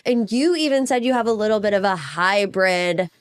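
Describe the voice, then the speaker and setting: A young woman co-hosting a casual chat, animated and teasing, laughing often. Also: medium pitch, normal speed, smooth. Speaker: podcast co-host.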